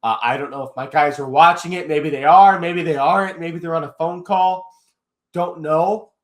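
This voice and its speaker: A young man with a slightly high voice tells a story as an interview guest, rambling and leaning on fillers. The recording is roomy, with a clear echo off the walls. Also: steady tone, normal speed. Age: young adult. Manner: rambling, heavy on fillers like "basically". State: eye still hurting after an attack. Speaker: guest commentator. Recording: roomy echoey room.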